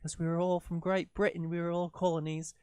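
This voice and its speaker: A man with a Canadian accent rambling through a casual livestream while he edits, with filler words sprinkled throughout and asides muttered to himself. His voice sits a little high for a man. The sound is dry and close. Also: little pitch movement, fairly quick, a little mellow, smooth, no room sound. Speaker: livestreaming video editor.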